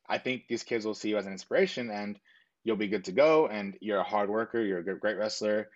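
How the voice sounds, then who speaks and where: The speaker is a young male interviewee sharing a personal story, casual and sincere, full of filler words and self-quotes of the conversation. He talks quickly in a lowish voice, and the recording sounds muffled.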